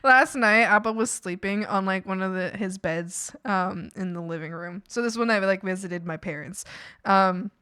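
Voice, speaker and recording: A woman streaming while she works on art, telling stories in a casual, animated way, acting out quotes and laughing often. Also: mid-range voice, moderate pace, clean tone, dry recording, clean studio sound. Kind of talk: casual chat while drawing.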